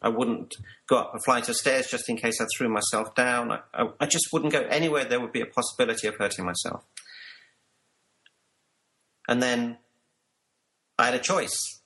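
A man's voice: mid-range voice, normal speed, long pauses, pushed and bright, rough recording. A man working as a life coach, telling his personal story earnestly to an interviewer and sometimes repeating words.

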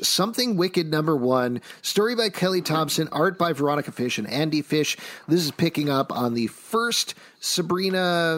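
A man's voice: fairly high pitch, fairly bright tone. Chatty man presenting comic picks. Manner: chatty, reads out book credits briskly. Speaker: podcast co-host presenting comics. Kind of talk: casual comic review chat.

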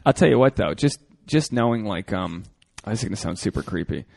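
Podcast host dude, gravelly voice, rambly and chatty, pitch all over the place. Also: male voice, animated, brisk, darkish tone, dry recording, clean studio sound. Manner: rambling, self-interrupting, laughs often. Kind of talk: casual chat.

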